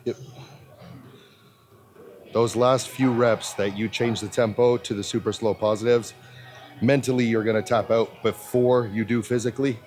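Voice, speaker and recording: A man's voice: mid-range voice, steady tone, moderate pace, long pauses, a little mellow. A man working as a personal trainer, calling out terse commands and counting reps aloud. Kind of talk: gym coaching. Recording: background music.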